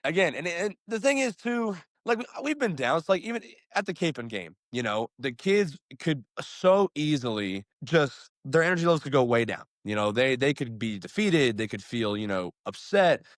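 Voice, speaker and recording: A young man, a high school football coach, talks in a casual interview, upbeat and rambling, with lots of fillers and restarts. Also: very animated, moderate pace, few pauses, no room sound, studio quality.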